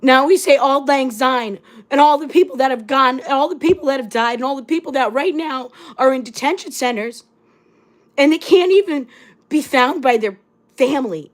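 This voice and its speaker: A woman's voice: high-pitched, moderate pace. A woman hosting her own livestream, delivering an angry, blunt and profane rant full of repeated rhetorical phrases. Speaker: livestream host.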